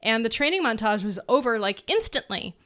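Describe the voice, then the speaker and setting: A woman's voice: fairly high pitch, big pitch swings, brisk, a bit bright. A woman co-hosting a casual book discussion over a video call, chatty and teasing. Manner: chatty, teasing, laughs easily. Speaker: podcast co-host.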